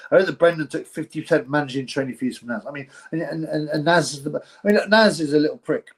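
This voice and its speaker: A man's voice: on the high side, quick pace. A man hosting a live boxing stream, chatting casually to viewers in a blunt, rambling, slangy way. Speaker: host of a live boxing show.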